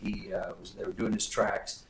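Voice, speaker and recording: A middle-aged man, a vocal coach guest, telling stories in a lively way and jumping up in pitch when he quotes people. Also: brisk, a crowd in the background. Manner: animated storyteller, jumps up in pitch when quoting people. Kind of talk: live-stream interview storytelling. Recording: roomy echo.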